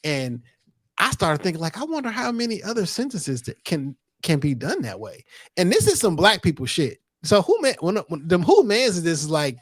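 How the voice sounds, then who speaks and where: A man co-hosting a podcast in casual chat, laid-back and quick to laugh. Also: high voice, wildly swooping pitch, husky, no echo. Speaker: podcast co-host.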